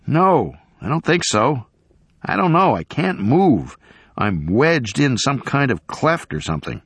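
A man voicing a frightened, freezing man wedged in the ice, his voice trembling and husky. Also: medium pitch, sing-song, measured pace, no echo, pitched above the performer's own voice, heavily acted. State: trembling, cold.

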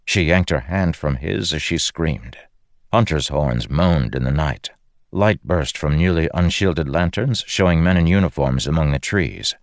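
A man narrating an audiobook in a measured, grave storytelling manner. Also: extremely low pitch, no echo, studio quality.

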